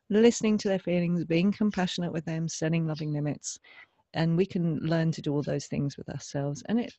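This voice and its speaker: A woman co-hosting a parenting podcast, speaking gently and tenderly and laughing often. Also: fairly low pitch, no room sound, muffled recording. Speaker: podcast co-host. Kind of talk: reflective parenting podcast chat.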